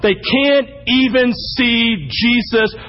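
A man preaching as the pastor, telling animated stories with sudden loud bursts. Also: very high-pitched, takes it slowly, lo-fi sound. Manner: animated storytelling, acting out anecdotes with sudden shouts. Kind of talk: sermon.

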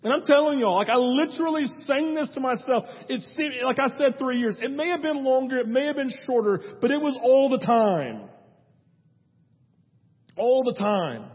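Male pastor, high husky voice, emphatic storyteller, sermon in a dull echoey hall. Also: expressive, normal speed. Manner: emphatic storytelling with repeated phrases.

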